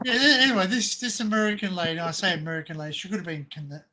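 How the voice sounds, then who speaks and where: A man's voice: high-pitched, very fast. An Australian man hosting a livestream, rambling in casual chat, laughing often and repeating himself. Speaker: livestream host. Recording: loud background noise.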